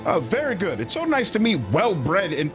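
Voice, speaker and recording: A man's voice: sits high, wildly swooping pitch, normal speed. A man voicing a flustered, prim, well-bred lady who owns a robbed manor, reading game dialogue aloud. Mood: flustered polite. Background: game music.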